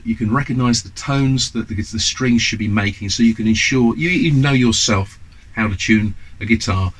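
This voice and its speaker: A man's voice: lowish voice, low-quality recording. A man in his fifties from the UK giving a chatty, enthusiastic guitar lesson to camera, with lots of ums and asides. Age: 50s. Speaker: guitar teacher. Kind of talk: casual instructional talk to camera.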